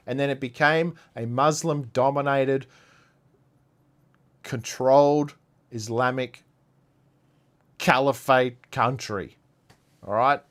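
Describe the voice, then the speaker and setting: Man, from Iran, live-stream commentator, heated, sarcastic, repetitive, mid pitch. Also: fairly bright tone. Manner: ranting, sarcastic, repeats himself. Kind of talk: heated commentary on played clips.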